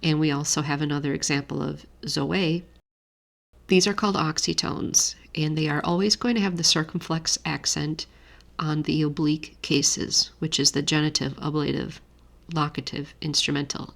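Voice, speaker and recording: A woman with a low voice teaches a grammar lesson. She explains each point in a steady, methodical way, and her voice has a gravelly edge. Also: normal speed. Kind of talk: screen-share lesson walkthrough.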